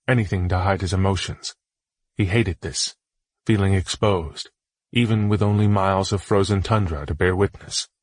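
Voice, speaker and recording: A man narrating an audiobook in a measured, solemn storytelling voice. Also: lowish voice, no echo.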